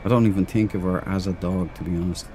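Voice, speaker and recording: Fast and fairly even in intonation, this low-pitched man's voice comes through with background noise. He's an Irish streamer giving casual, rambling commentary on a space game, talking to both his chat and his crew in the game.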